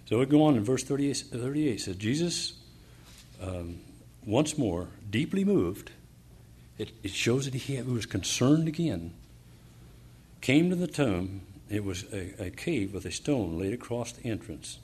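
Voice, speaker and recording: A man preaching a sermon, reading verses and explaining them, pausing often with fillers and restarts, then building up to fervent emphasis. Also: medium pitch, very animated, darkish tone, breathy edge.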